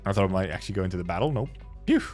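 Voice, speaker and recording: Male streamer, casual, swearing, lively pitch, faint music. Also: rapid-fire. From Finland. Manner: offhand, swearing, joking. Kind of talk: casual reading and chat with viewers.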